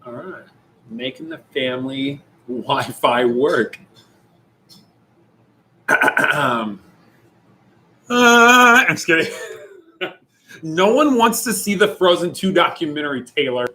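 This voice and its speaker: Young man, youth pastor, playful livestream chat, bright tone, slightly high voice. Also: very animated, slow pace, pauses often, poor audio. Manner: jokey, playful, chatty with viewers.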